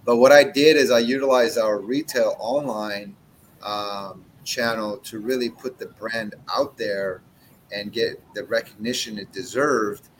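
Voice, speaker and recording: A man's voice: fairly low pitch, fairly even intonation, a little slow, a little hiss or hum, poor audio. A man in his forties who owns a cigar brand, telling blunt, profane stories in a casual interview chat. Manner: blunt, profane, brash storytelling.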